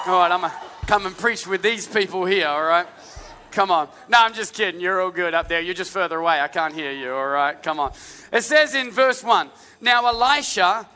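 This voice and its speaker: A man preaching a sermon as lead pastor, energetic and calling out to the congregation. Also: high-pitched. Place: large church hall with music. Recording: live church hall with long reverb.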